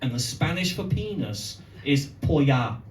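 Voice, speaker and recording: A man, doing a cheeky, punchy live stand-up set with dramatic pauses. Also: medium pitch, very animated, far from the mic. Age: 30s. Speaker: stand-up comedian. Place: pub venue stage. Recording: roomy live room with crowd noise.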